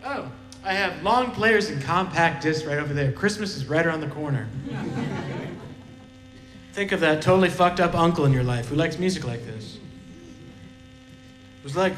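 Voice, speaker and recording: A man's voice: a little high, expressive, moderate pace, pauses often, fairly bright tone. A man doing casual, profane, rambling stand-up banter on a live stage. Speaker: stand-up comedian and musician. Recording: live hall echo, music behind.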